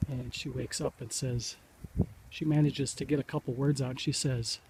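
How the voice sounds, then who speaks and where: A man's voice: mid-range voice, flat delivery, normal speed, vocal fry, poor audio. A man from Wisconsin, chatty and direct, vlogging a bicycle ride on an outdoor trail, a little out of breath. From Wisconsin, USA. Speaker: cycling vlogger. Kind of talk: casual vlog narration. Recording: loud outdoor noise.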